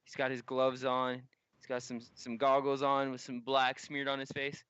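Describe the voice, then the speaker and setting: Male game master, bright and crisp, halting narration, dry slightly dull mic. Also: medium pitch, completely flat delivery, dry recording.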